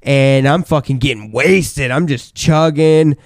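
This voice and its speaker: A young man co-hosting a casual podcast, his voice sitting a little high and recorded dry and close. He tells rowdy, profane stories and shouts out the lines of the people in them. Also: measured pace, dry recording. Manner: crude, rowdy storyteller who acts out quotes loudly. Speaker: podcast co-host. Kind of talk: casual chat.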